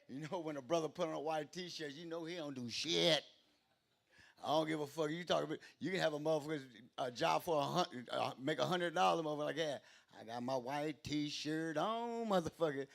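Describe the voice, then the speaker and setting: Gravelly, profane man at an open mic. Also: a little high, brisk, a bit bright. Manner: rambling, profane, self-interrupting. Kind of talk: stand-up comedy. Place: small club stage.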